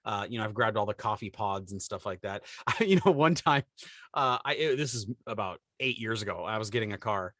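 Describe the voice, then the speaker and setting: Bright-voiced man telling stories. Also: fairly low pitch, a little fast, dry recording, studio quality. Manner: animated storyteller, acts out quoted people. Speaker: podcast co-host. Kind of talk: casual chat.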